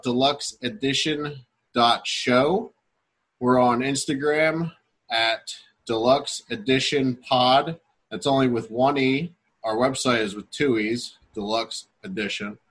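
A man with a bright yet husky voice co-hosts a casual podcast. He answers in short, relaxed replies and reads out the show's plugs. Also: medium pitch, unhurried. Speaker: podcast co-host. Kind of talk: casual chat.

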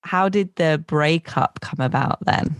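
A woman's voice: sits low, unhurried, no echo, clean studio sound. Playful woman podcast host. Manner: playful, jokey. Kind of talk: casual chat and ad read.

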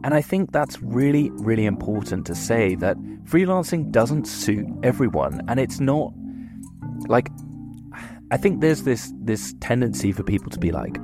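A man hosting a podcast in a relaxed, chatty, self-deprecating way, asking questions and wrapping up the episode. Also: medium pitch, moderate pace, music in the background. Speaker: podcast host. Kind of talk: casual podcast chat and outro.

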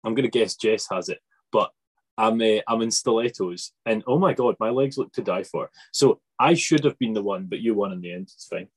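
A man's voice: lowish voice, brisk, slightly rough. A young man in his twenties hosting a podcast, chatting and joking with a friend. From Scotland. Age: 20s. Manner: joking, teasing. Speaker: podcast host. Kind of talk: casual chat.

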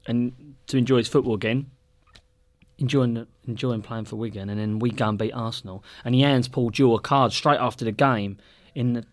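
A man co-hosting a podcast, telling stories in casual chat, swearing often and laughing as he goes. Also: mid-range voice. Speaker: podcast co-host.

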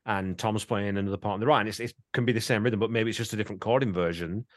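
A man's voice: on the low side, very fast, dry recording, clean studio sound. A man hosting a music podcast in casual chat, easygoing, who laughs often and swears in asides. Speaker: podcast host.

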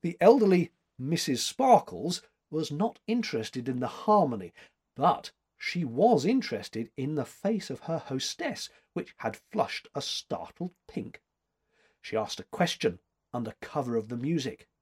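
A man narrates an audiobook with measured, expressive storytelling. His husky voice sits a little high and moves with lively intonation, at an unhurried pace.

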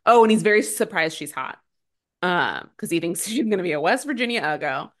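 A woman co-hosting a podcast, recapping a movie in casual chat with quick, sarcastic asides. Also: on the low side. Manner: animated, sarcastic, fast recapping with many "like"s. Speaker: podcast co-host.

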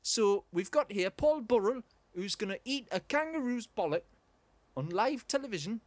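Chirpy TV presenter patter, done by a man, high and bouncy. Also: big pitch swings, normal speed, no room sound. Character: chirpy male TV presenter impression.

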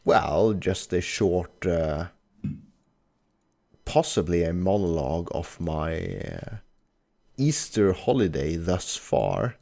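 A Norwegian man, a native Norwegian speaker, hosting and editing a casual podcast chat in English, explaining things slowly with many fillers. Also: low-pitched, sing-song, gravelly, darkish tone. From Norway. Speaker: podcast host and editor.

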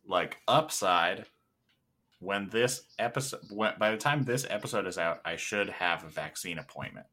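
A man's voice: deep voice, expressive, moderate pace, bright, forceful tone. A man co-hosting a movie podcast, chatting casually with a joking, sarcastic manner. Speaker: podcast co-host. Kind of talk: casual chat.

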